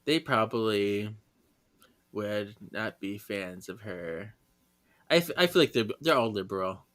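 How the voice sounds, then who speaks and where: Animated bright-voiced male co-host. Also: on the low side, unhurried. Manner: animated, acts out characters with big shouts and laughs. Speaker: podcast co-host. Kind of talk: casual chat recapping a book.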